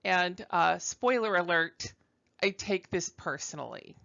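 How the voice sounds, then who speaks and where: A woman's voice: fairly low pitch, a little slow, creaky, a bit bright, dull audio. A woman from Brooklyn giving a conversational recorded university lecture, chatty and self-deprecating, with frequent ums and uhs. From Brooklyn, New York.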